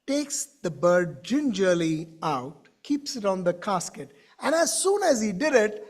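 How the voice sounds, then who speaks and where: A man telling a story to a conference audience in an animated way, with questions to the crowd. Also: high voice, unhurried. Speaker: keynote speaker. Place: conference stage.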